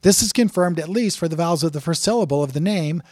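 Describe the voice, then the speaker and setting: A man's voice: a little high, fast, darkish tone, no echo, clean studio sound. A man teaching from scripture in an earnest way, reading passages aloud with emphatic rises and talking through their meaning. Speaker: Bible teacher.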